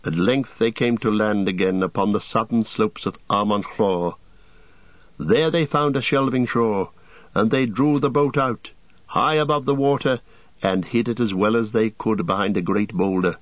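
A man narrating an audiobook with a measured storytelling delivery. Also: fairly low pitch, dry recording. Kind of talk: scripted narration. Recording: dull audiobook studio sound.

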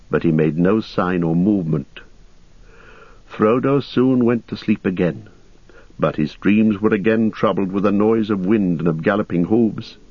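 A man reading an audiobook in a steady, measured storytelling voice, on a dull lo-fi recording. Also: low-pitched, no room sound. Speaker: audiobook narrator. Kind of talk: scripted narration.

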